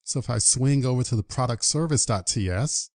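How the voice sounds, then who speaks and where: A male programming instructor narrates a screen-recorded tutorial in an upbeat, friendly way, talking through each step aloud. His voice sits at an ordinary pitch and comes across dry and close to the mic. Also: fairly quick, darkish tone, dry recording.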